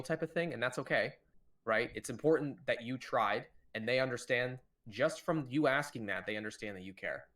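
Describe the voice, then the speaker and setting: A young man co-hosting a podcast in casual chat, animated, acting out quoted lines with shifts in his voice. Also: brisk. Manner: animated, shifts pitch to act out quoted dialogue. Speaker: podcast co-host.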